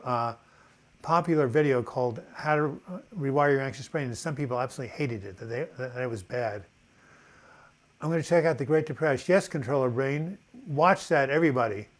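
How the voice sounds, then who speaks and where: A man's voice: medium pitch, a little fast. An older man hosting a casual live video chat, reading out viewer comments in a loose, rambling way with many fillers.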